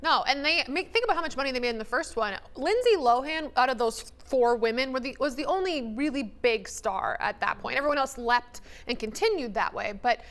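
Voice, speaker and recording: Female co-host, high voice that swoops around, playful and chatty. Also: animated, brisk, hardly any pauses, fairly bright tone. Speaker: talk show co-host. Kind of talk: casual studio banter.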